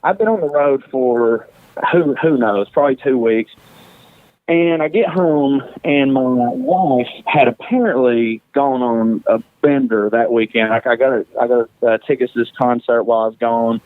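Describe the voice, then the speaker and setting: A man's voice: medium pitch, moderate pace, dry recording, phone-quality sound. A man guesting on a podcast, telling a story casually, profane and self-mocking, laughing often.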